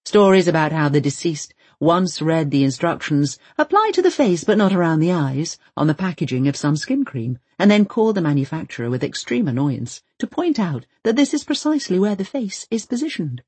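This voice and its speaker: An expressive audiobook narrator reading a novel in a measured storytelling voice. The tone is somewhat husky, and the recording is close and dry with no room sound. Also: mid-range voice, no room sound. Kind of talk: scripted narration.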